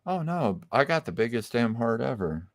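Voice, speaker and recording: On a podcast, a male guest talks casually about his music in a very animated mid-range voice at moderate pace. He's laid-back, swears a lot and rambles with plenty of fillers; the recording has no room sound.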